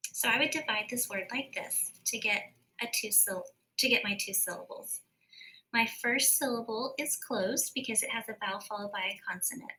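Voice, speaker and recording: Woman teacher doing a phonics lesson, bright voice, stretches words out slow. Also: on the high side, low-quality recording. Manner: slow, careful sounding-out of words.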